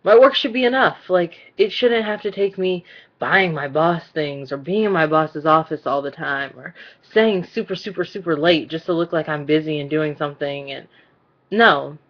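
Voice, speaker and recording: A woman vlogger ranting in a casual, blunt and exasperated way, her voice mostly monotone. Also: deep voice, moderate pace. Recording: dull lo-fi recording.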